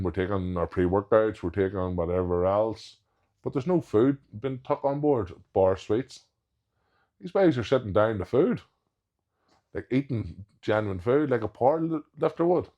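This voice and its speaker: A man's voice: lowish voice, animated, unhurried, warm tone, dull audio. A man, a professional strongman guest on a podcast, telling anecdotes in casual chat and acting out what others said. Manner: anecdotal, quotes others in retold dialogue.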